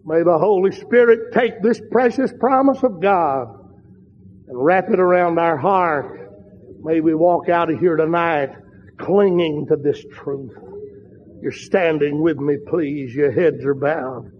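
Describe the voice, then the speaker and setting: Fervent high-voiced preacher in a reverberant hall. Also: male voice, slow, slight background noise. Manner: rising to fervent emphatic peaks, repeating phrases. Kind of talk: sermon. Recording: long hall reverb, dull lo-fi sound.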